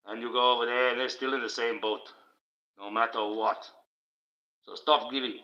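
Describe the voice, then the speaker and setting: A man's voice: medium pitch, moderate pace, pauses often, sharp tone, lo-fi sound. A man delivering a preachy livestream monologue in a put-on, declaiming voice.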